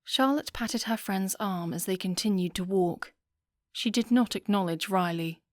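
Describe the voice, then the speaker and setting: A woman narrating a romance audiobook in a calm, even storytelling manner. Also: mid-range voice, moderate pace, dry recording, studio quality.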